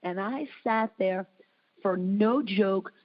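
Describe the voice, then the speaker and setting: A woman hosting an interview show, telling a lively story and acting out the voices in it. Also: slow, dull audio. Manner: animated storyteller, acts out quotes with big pitch jumps. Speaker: host. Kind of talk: casual conversational interview.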